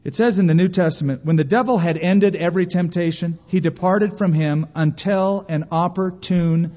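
A man preaching a sermon as pastor, emphatic and animated, acting out quoted lines. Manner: emphatic preaching, voices quotes with raised pitch. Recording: dull sound in a long-reverb hall.

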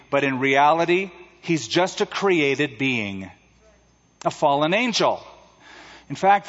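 A man preaching a sermon at a church pulpit, earnest and measured with pauses. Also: a little high, a bit bright. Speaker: pastor. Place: church sanctuary. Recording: dull, reverberant church recording.

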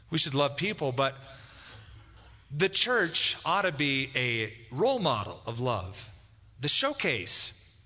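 Bright-voiced preacher in a reverberant hall. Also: male voice, mid-range voice. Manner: conversational preaching, acts out quoted dialogue. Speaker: pastor. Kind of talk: expository sermon.

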